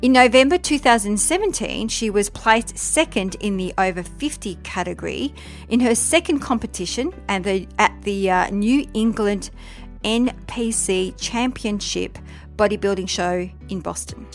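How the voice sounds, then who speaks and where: A woman's voice: mid-range voice, animated, normal speed. Woman hosting with faint music behind. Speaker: podcast host. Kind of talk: scripted intro, then casual chat. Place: Australia.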